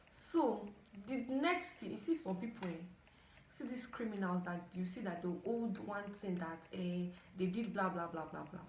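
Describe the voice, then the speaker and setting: A woman's voice: medium pitch, moderate pace, a little hiss or hum. Nigerian woman telling a dramatic story. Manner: animated, dramatic outbursts and asides. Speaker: storytime vlogger. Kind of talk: casual storytelling to camera. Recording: echoey room.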